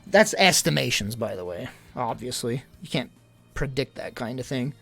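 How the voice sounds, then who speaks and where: A young man streaming live in casual chat, out of breath, rambling and worried, swinging between loud emphasis and low mutters. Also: expressive, normal speed, creaky. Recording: faint music behind.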